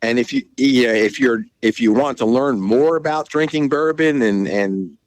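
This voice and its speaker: A man's voice: medium pitch, moderate pace, no echo, poor audio. A middle-aged man from Maryland, a podcast guest chatting casually and telling rambling stories full of restarts. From Maryland, USA. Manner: rambling storyteller, many restarts and fillers. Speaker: podcast guest, bus seller. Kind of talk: casual chat.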